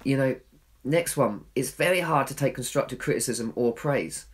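A man speaks at a church in a talk that was recorded. He sounds earnest and pokes gentle fun at himself, and his pitch sits at a middle level for a man. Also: moderate pace. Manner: earnest and self-deprecating, acts out his own inner voice.

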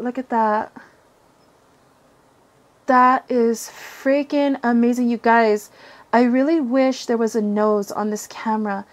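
A young woman hosting a tarot channel, gushing over an unboxing with gasps and breathy excited whispers. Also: a little high, no room sound.

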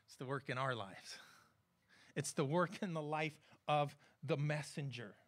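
A pastor delivers a relaxed, conversational sermon, his voice sitting high for a man. He keeps checking in with the congregation and slips in light jokes as he preaches. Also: unhurried. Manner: conversational, humorous preaching with frequent audience check-ins.

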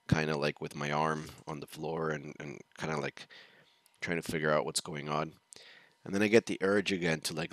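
Male host, deep but bright and forceful tone, casual rambling storyteller, dry close sound. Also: no echo. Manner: rambling, chuckling, restarts sentences. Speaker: reaction show host.

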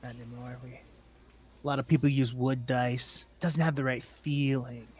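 A man's voice: medium pitch, fairly even intonation, a little slow, a little mellow, slightly rough. A man voicing a sleazy, flirtatious male gambler in a tabletop game, with smarmy drawling come-ons.

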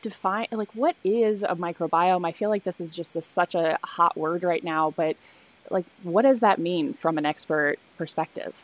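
A young woman hosting a casual science interview over a video call, bubbly and excitable as she introduces her guest. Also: lowish voice, moderate pace. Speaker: host.

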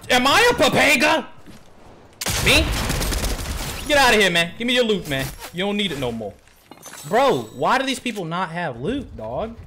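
A man streams a game and keeps up loose, slangy commentary to himself and his viewers. His voice sits a little high and swings widely in pitch. Faint noise hums behind him. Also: normal speed. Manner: slangy, animated, talks to himself and chat. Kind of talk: casual gameplay commentary.

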